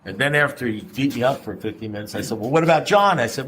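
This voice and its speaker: A man's voice: medium pitch, expressive, fast talker, few pauses, fairly bright tone, slight background noise, poor audio. A middle-aged man speaking at a recovery meeting, blunt and conversational, throwing out rhetorical questions and the odd curse. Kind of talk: personal share at a recovery meeting.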